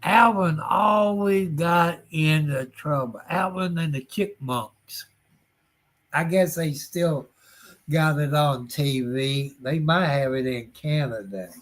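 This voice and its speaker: A man chatting on a livestream at an extremely unhurried pace, each phrase drawn out with long pauses. His voice sits a little higher than most men's, and his manner is folksy and easygoing. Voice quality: folksy, drawn-out delivery with frequent chuckles. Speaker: livestream host. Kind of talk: casual livestream chat.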